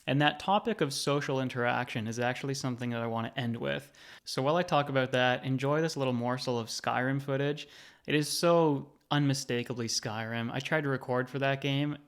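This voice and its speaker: A man's voice: medium pitch, clean tone. A man in his thirties, a gaming channel host, narrating a scripted video essay in a conversational, lightly wry way.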